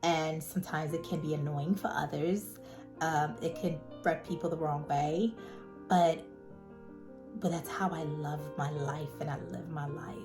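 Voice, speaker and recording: A woman vlogger speaks in a casual, heartfelt monologue, her voice sitting a little low. She is animated and emphatic and repeats words over and over to drive a point home. Faint music plays quietly behind her. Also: measured pace. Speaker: vlogger reviewing a web series.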